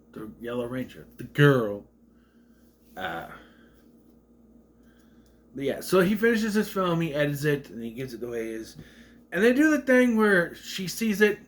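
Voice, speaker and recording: A movie reviewer with a medium-pitched, slightly bright voice delivers a casual, rambling rant about a film. He stutters a little and acts out quotes in raised voices, with faint background noise behind him.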